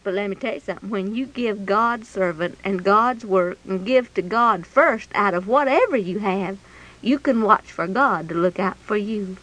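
A woman's voice: mid-range voice, moderate pace, a bit bright, rough recording. A woman telling a Bible story in a folksy, chatty way, full of rhetorical questions.

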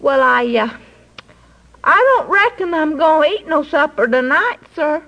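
Woman voicing a shy stammering poor little newsboy in a storybook, high and lively. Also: unhurried, muffled recording, heavily acted. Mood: timid. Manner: stammering, timid.

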